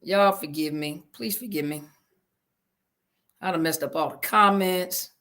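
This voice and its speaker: She's a therapist hosting a live audio room, reading listeners' comments out and replying in a casual, Southern-tinged way. Her fairly low voice is bright and forward with a measured pace, and technical slips leave her flustered, apologizing homily to everyone.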